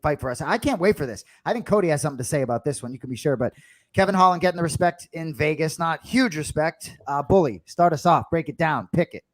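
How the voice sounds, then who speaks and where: A man's voice: on the high side, lively intonation, fast talker. A middle-aged man with a Boston accent, hosting a podcast in casual chat and rambling off on jokey tangents. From Boston area. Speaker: podcast host.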